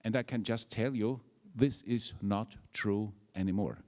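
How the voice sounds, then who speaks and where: A man's voice: fairly low pitch, a little slow, a little mellow. An older man with an Austrian German accent gives a formal welcome speech as a university rector, hesitant and full of fillers. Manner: hesitant, with many fillers and restarts.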